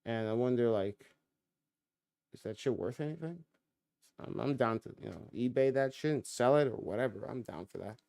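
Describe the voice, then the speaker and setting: A man's voice: mid-range voice, animated, moderate pace, vocal fry, a little mellow, no room sound. Rambling man on a dry stream mic. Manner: loose, profane, full of restarts and fillers. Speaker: live stream host. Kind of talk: casual rambling monologue.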